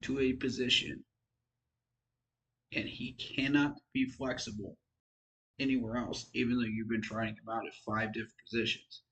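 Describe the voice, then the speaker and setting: A man's voice: mid-range voice, steady tone, moderate pace, long pauses, a bit bright, lo-fi sound. A tired man giving casual, frank football commentary on his own channel, rambling and poking fun at himself. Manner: rambling, frank, self-deprecating. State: tired, yawning. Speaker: sports fan vlogger.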